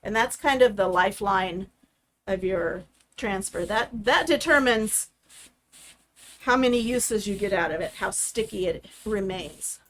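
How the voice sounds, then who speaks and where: A woman's voice: mid-range voice, animated, measured pace, fairly bright tone. A woman hosting a live craft demonstration, walking through each step in a chatty, explaining way. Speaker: craft host.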